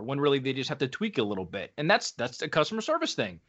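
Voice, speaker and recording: A man's voice: medium pitch, big pitch swings, fast, a bit bright, highs cut off. Easygoing man hosting a podcast. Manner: easygoing, loose and conversational. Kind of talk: casual podcast chat.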